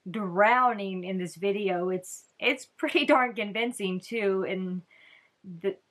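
A woman's voice: mid-range voice, takes it slowly, a bit bright. A woman hosting a casual reaction video, chatting and thinking aloud, often restarting and trailing off.

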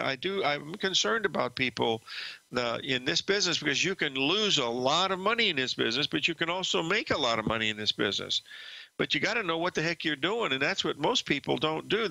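A man's voice: on the high side, gravelly, bright, forceful tone, no echo, rough recording. An older man hosting a trading show, telling a rambling story from his trading days with many fillers and restarts. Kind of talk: storytelling market commentary.

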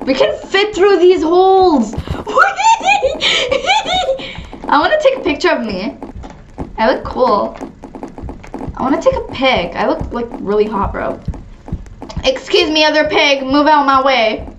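A young woman giving giggly, chatty, excitable commentary while playing a game, often breaking into squealed greetings. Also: sits high, normal speed, long pauses, lo-fi sound, background noise. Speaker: gaming channel host. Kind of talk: casual gameplay commentary.

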